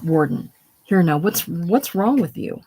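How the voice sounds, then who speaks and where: A reader voicing a drunken, domineering prison warden who talks gruffly and turns to purring softness, read slowly. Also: medium pitch, very animated, slight background noise.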